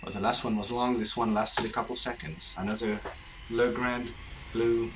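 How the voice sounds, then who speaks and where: Low-voiced man, music behind. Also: brisk, noisy background. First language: French. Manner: relaxed, rates items as they unbox. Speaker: game channel host. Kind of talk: casual gameplay commentary. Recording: game music clearly audible underneath.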